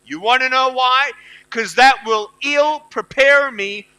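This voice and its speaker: A man in his thirties giving an inspirational speech to a live audience. He talks emphatically, repeats lines to the crowd, and swings between loud bursts and hushed storytelling. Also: very high voice, slow pace, smooth. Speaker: motivational speaker.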